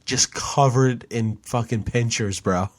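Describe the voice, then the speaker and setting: A man's voice: mid-range voice, takes it slowly, dry recording. A man co-hosting a podcast, telling stories in a laid-back way and swearing often. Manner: laid-back storyteller, swears, says bro and dude. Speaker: podcast co-host. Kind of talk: casual chat.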